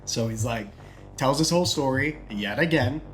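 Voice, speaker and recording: A man casually telling a long shaggy-dog joke, acting out the characters' lines in quick put-on voices. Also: mid-range voice, expressive, soft background music. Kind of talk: casual chat.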